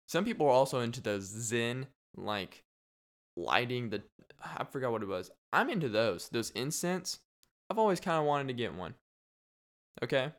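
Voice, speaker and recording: A man's voice: medium pitch, a bit bright, clear, resonant tone. A young man hosting a casual solo podcast, rambling and joking with frequent laughs. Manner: rambling, jokey, laughs often. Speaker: podcast host.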